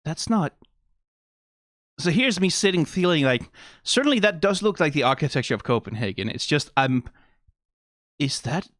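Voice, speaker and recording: A man from Denmark hosting a casual reaction video, animated and exclaiming, swearing now and then and laughing. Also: a little high, normal speed, long pauses, dry recording, studio quality.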